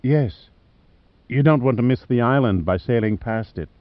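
A male narrator voicing a weary, hopeful Australian woman adrift at sea, speaking softly and dreamily. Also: medium pitch, moderate pace, no room sound, lightly acted. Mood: dreamy. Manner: soft, dreamy, then eager. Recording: slightly muffled dry studio.

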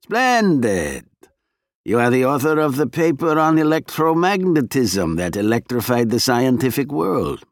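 A man's voice: mid-range voice, big pitch swings, unhurried, no echo, studio quality, pitched above the performer's own voice. A man voicing a genial, coldly polite male Soviet agent in disguise, in an audiobook reading. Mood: genial menace. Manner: polite, smooth, coldly courteous.

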